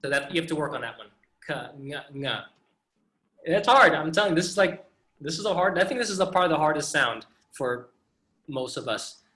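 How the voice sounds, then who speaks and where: High, bright-voiced male teacher. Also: lively intonation, brisk, reverberant. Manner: patient, demonstrating sounds repeatedly. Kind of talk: online pronunciation class. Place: video call.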